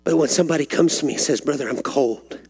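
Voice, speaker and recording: A man's voice: fast, creaky, a little mellow, breathy edge. A man preaching a sermon, telling stories and building to fervent, climbing peaks. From Texas. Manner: rising to fervent, climbing pitch when stirred.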